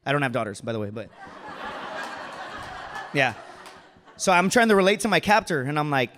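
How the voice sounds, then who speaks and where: A Marine veteran in his thirties telling a true story live on stage, casual and animated. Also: medium pitch, fairly quick, long pauses. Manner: casual, animated, says dude and right a lot. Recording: long hall reverb.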